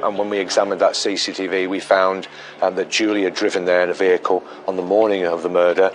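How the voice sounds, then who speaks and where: A man, a police detective recounting an investigation in a documentary interview, measured and full of ums and restarts. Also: deep voice, little pitch movement, music in the background, poor audio.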